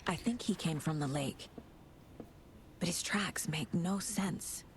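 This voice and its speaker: An actress playing a calm, focused woman FBI profiler, speaking in a measured, low-key way in a video game. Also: a little hiss or hum. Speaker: FBI agent investigator. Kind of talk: game voice acting.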